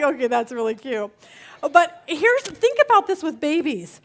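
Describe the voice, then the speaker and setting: A middle-aged woman teaching a women's Bible study, earnest and lively, often repeating words and joking with the group. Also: sits high, unhurried.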